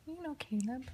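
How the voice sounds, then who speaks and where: Coaxing mother in lively baby talk. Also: sits high, a little hiss or hum. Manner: coaxing, sing-song, often half-whispered.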